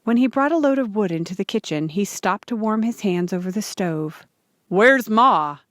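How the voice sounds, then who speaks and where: Woman, audiobook narrator, children's story, steady, clear, mid pitch, dry recording. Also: brisk, no room sound. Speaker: audiobook reader.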